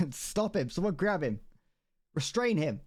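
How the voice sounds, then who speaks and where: A man's voice: on the high side, very animated, slow pace, slightly rough. Rambling, laughing British man streamer. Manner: rambling, stammering restarts, frequent laughter. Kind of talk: casual livestream chat while building a model kit.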